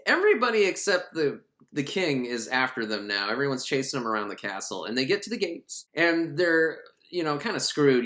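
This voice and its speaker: A man giving a casual, irreverent recap of an animated film, rambling and laughing as he goes. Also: medium pitch. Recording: roomy echo.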